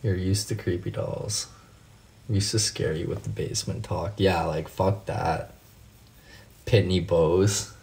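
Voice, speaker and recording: A man with a deep, low-pitched voice chats with his viewers on a late-night live stream. He swears freely and drifts through laid-back stories, answering comments by name as he goes. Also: fairly even intonation, measured pace, vocal fry, a little mellow. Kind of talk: casual live stream chat.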